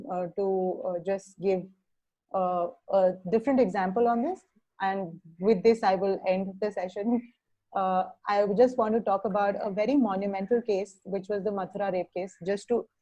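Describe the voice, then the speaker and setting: A young woman with an Indian English accent speaks as a criminal justice social worker, pausing often with fillers and restarts over a video call. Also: mid-range voice, dark tone, lo-fi sound. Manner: halting, many fillers and restarts. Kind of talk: webinar talk.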